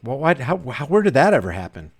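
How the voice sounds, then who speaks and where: A man hosting his channel, ranting in a casual livestream, rambling and animated with frequent restarts. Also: mid-range voice, fast. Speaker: channel host.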